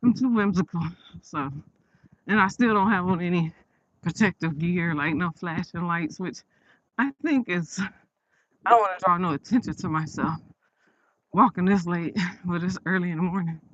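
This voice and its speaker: A woman's voice: on the low side, normal speed, long pauses, dry recording, highs cut off. Chatty woman rambling on a night walk. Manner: chatty, rambling, laughs often. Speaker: vlogger. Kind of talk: casual storytelling while walking. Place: outdoors on a late-night walk.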